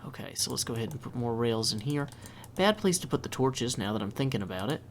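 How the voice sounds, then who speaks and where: A man's voice: mid-range voice, lively intonation, quick pace, slight background noise. A man hosting a video game let's play, chatting casually and thinking aloud as he builds. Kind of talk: casual gameplay commentary.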